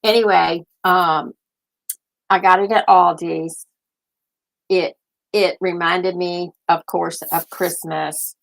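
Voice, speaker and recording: A woman's voice: on the low side, steady tone, slow, gravelly, long pauses. An older woman hosting a casual live stream, rambling and thinking aloud as she chats. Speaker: host.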